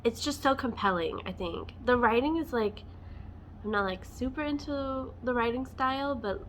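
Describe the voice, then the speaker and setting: A woman with a slightly high voice rants casually to camera. She talks with passion and emotion, piling up fillers as her thoughts spill out. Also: expressive, moderate pace, a little hiss or hum. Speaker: book vlogger. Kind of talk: casual book rant to camera.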